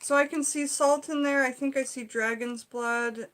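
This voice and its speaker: A woman vlogger from the Seattle area chatting to her viewers as she opens gifts, gushing, excited and full of fillers. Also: high voice, normal speed. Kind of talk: casual unboxing chat to viewers.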